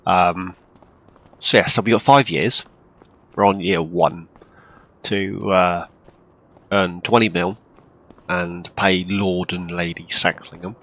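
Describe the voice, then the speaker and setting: A man casually commenting on his farming game, rambling with lots of ums and throat-clearing, hiccuping and coughing now and then. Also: low voice, fairly even intonation, takes it slowly, long pauses, a bit bright. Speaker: farming game role-play channel host.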